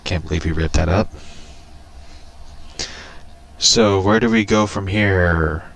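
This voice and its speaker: A man's voice: low voice, normal speed, vocal fry, a bit bright, no echo. A man who hosts a casual show, reading a comic aloud and chatting with enthusiasm, laughing often.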